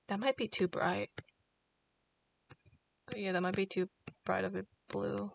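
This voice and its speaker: A woman's voice: medium pitch, little pitch movement, unhurried, gravelly, long pauses. A woman streaming from her bedroom, chatting casually while she draws, musing aloud and doubting her own work in half-finished sentences. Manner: musing, self-critical, trailing off.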